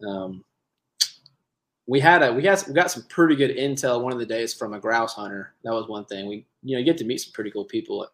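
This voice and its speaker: A man's voice: medium pitch, brisk, a bit bright. A man, a guest chatting easily about hunting trips. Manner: easygoing, agreeable, chuckles often. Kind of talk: casual hunting chat.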